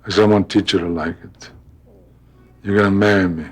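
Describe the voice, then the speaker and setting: An older man recounts his past in an animated, storytelling way, slipping into the voices of the people he quotes. His voice sits on the low side. Faint music plays beneath him. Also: fairly quick, slightly rough. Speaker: actor recalling his career. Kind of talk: storytelling interview.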